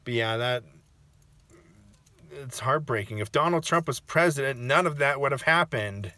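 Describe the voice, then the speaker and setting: A man in a casual personal reaction vlog, talking in an emotional, halting way and restarting his sentences. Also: medium pitch, expressive, bright, forceful tone, no room sound. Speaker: vlogger.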